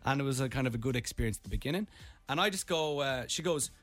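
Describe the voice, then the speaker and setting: A young Irish man, a radio host, telling a comic story in an animated way. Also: medium pitch, quick pace. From Ireland.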